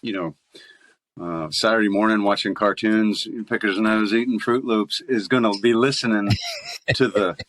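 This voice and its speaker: A man's voice: on the low side, normal speed, a little hiss or hum. A man who works as a voice actor, talking casually as a guest and telling stories with frequent laughs. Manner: chatty storyteller, laughs often, animated voice play. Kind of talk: casual podcast interview.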